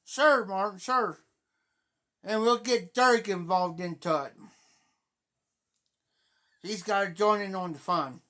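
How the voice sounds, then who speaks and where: A man's voice: high voice, slow pace, long pauses, sharp tone. A middle-aged man from Ohio with a southern Ohio Appalachian accent, hosting a livestream in a folksy, rambling casual chat and greeting viewers by name. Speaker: livestream host.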